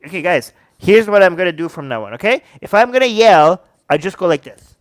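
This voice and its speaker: A man hosting a live stream, giving heated, sarcastic commentary and yelling in bursts into a handheld microphone. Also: high-pitched, sing-song, a little fast, hardly any pauses. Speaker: livestream host.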